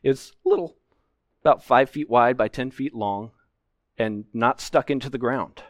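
A man delivers an expository sermon from a church pulpit, leaning hard on key words with earnest emphasis. His voice sits at a middle pitch, and the sound is dry and close to the microphone. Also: unhurried, no room sound. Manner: earnest, emphatic preaching with frequent restarts. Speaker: pastor.

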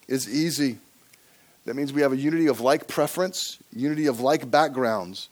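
A man preaching a sermon to a congregation, dropping to soft, low asides and rising to loud, emphatic passages, and acting out inner voices in quoted lines. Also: normal speed. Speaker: pastor.

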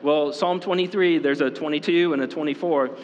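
Conversational pastor preaching in a hall. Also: male voice, on the high side, highs cut off, slight background noise. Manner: conversational, fillers, quick asides. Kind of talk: sermon. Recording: long reverb in a hall.

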